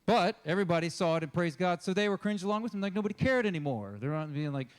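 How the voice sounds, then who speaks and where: A man's voice: high voice, animated, fast talker. A man preaching a casual, conversational sermon as a pastor, talking informally and acting out the people in the story he tells. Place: church.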